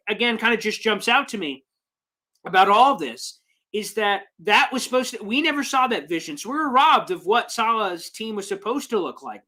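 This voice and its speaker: Emotional and worked up, a sports fan show host rambles passionately through his live stream, reading comments from viewers with plenty of high energy.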